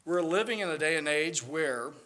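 A man's voice: on the high side, expressive, normal speed, bright, forceful tone. A man preaching a sermon as pastor, earnest and building to emphatic peaks.

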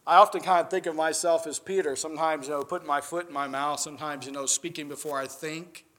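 Earnest preaching man, higher voice. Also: fairly bright tone. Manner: earnest preaching, rising to emphatic peaks. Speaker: pastor. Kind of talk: sermon.

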